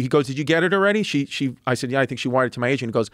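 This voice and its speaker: Animated comedian telling a story, dry mic. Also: male voice, mid-range voice, very fast, few pauses, no echo. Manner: animated, profane, acts out other people's quotes. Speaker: podcast guest comedian. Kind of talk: casual storytelling. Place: podcast studio.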